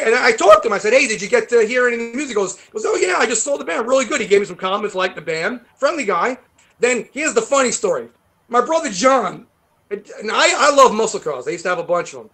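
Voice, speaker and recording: Here a different man, a guest guitarist from New York, chats in a casual interview with a high, bright voice. He's a loose, profane raconteur who rambles, swears and laughs a lot as he tells stories.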